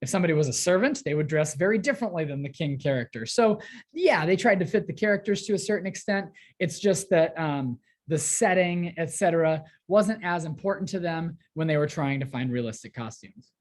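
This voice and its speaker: Low-voiced woman teaching a class. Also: lively intonation, a little fast, a little mellow. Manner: explanatory, with fillers. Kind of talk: classroom lecture.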